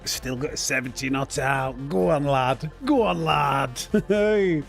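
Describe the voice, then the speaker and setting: A man with a voice pitched a little high talks loosely on a live sim racing stream. He banters, reads out viewer names and thanks them as he goes. Soft music plays faintly in the background. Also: slow pace, gravelly. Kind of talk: live gaming stream chat.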